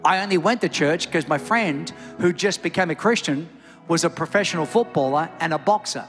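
A middle-aged man preaching in a church with a notably high voice, fervent and rising toward shouts. Soft music plays faintly underneath. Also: fairly quick, big-room sound. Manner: impassioned, builds to near-shouts. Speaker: pastor. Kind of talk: sermon with altar call. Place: church service, also streamed online.

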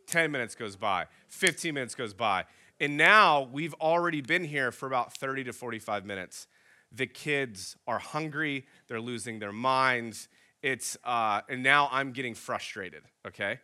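A man in his thirties, a pastor, telling a story in a sermon and acting out the dialogue. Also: on the high side. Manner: animated storyteller acting out both sides of a dialogue.

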